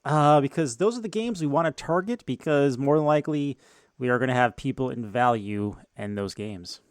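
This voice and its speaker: A man's voice: mid-range voice, normal speed, clean tone, no echo, studio quality. A man co-hosting a sports podcast in casual banter, mostly giving short, laid-back replies. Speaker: podcast co-host.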